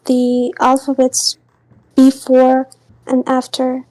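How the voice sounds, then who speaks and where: A woman's voice: high-pitched, completely flat delivery, takes it slowly, mellow, no room sound. A woman student on a video call, reading a grammar text aloud carefully and hesitantly, with fillers.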